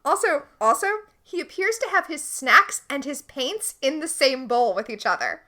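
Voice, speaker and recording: A woman's voice: sits high, big pitch swings, moderate pace, sharp tone. A woman co-hosting a podcast, animatedly and enthusiastically recapping a TV episode in casual chat. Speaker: podcast co-host.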